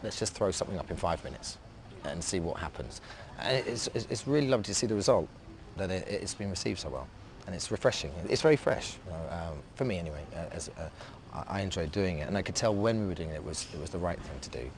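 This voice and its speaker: An English man, an actor being interviewed, talking in a halting, reflective way with many restarts. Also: low voice, expressive, slight background noise. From England. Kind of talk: casual interview talk.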